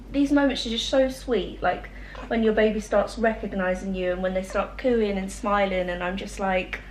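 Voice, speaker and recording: A young woman chatting casually to camera at home, gentle and emotional, with lots of fillers. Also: medium pitch, a little hiss or hum. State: emotional, close to tears. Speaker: vlogger. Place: home, indoors.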